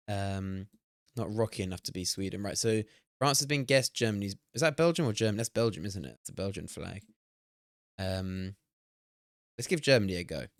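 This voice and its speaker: A young man streaming a game, talking excitedly, swearing and laughing at himself. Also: fairly low pitch, no echo, clean studio sound. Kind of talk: live-stream gameplay commentary.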